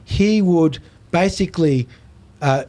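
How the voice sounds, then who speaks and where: A middle-aged man appears as a podcast guest, telling stories in casual chat, swearing freely and acting out the voices of people in them. His voice is on the high side and slow, with a little hiss or hum in the audio.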